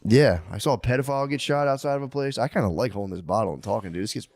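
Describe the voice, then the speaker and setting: A man's voice: medium pitch, racing, a little mellow, no room sound. Crude, rambling male podcast co-host. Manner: crude, rambling, joking banter. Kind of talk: casual chat.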